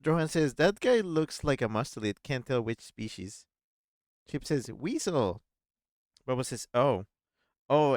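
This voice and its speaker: A playful male streamer with a smooth, resonant voice at a middle pitch, reading chat messages and puzzling over clues as he plays. The sound is close and dry, with no room sound. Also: no echo. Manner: chatty, playful, thinks out loud. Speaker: gaming streamer, host. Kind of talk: casual let's-play commentary, reading chat aloud.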